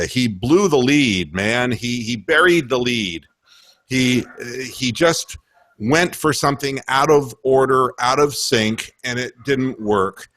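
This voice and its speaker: A man hosting a casual sports talk radio show, rambling and swearing as he rants about his team. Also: medium pitch. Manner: animated, rambling, swearing, breaks into mock voices.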